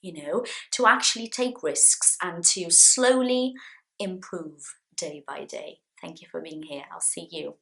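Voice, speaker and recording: A woman teaching an English lesson to camera, repeating example phrases slowly with lively, acted intonation. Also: fairly low pitch, creaky. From Brazil. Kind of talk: friendly language lesson to camera.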